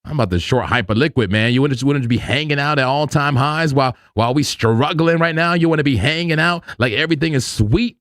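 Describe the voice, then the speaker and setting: A man hosting a casual live crypto trading stream who talks excitably, laughs loudly and repeats himself. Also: medium pitch, brisk, few pauses, no echo, studio quality.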